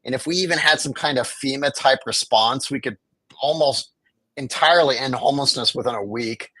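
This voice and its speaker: Man, impassioned, argumentative, medium pitch, dry close sound. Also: brisk, bright, forceful tone, dry recording, poor audio. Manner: impassioned, argumentative, acts out quoted officials. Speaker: homelessness advocate guest. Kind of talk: conversational interview.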